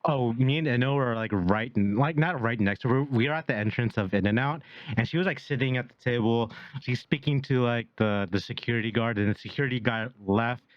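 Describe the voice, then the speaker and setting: A young man co-hosting a podcast, relaxed, chiming in with quick anecdotes. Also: medium pitch, dry recording, lo-fi sound. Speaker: podcast co-host. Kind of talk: casual chat.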